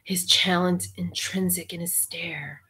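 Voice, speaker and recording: Breathy woman reading softly with wry asides. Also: lowish voice, fairly even intonation, measured pace. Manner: soft, half-whispered reading broken by wry, cursing asides. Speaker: reader and commentator. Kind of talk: intimate reading aloud with asides.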